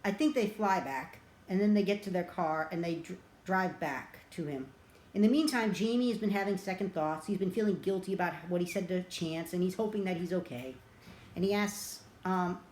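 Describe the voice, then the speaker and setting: A woman's voice: lowish voice, moderate pace, darkish tone, slight background noise. A woman casually retelling a movie plot as a reviewer, rambling and chatty with plenty of filler words. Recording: roomy echo.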